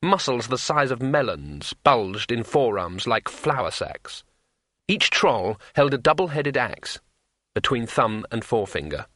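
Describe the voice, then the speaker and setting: A man reading a fantasy audiobook in a measured, unhurried way. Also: mid-range voice, very animated, pushed and bright, no room sound, clean studio sound. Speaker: narrator.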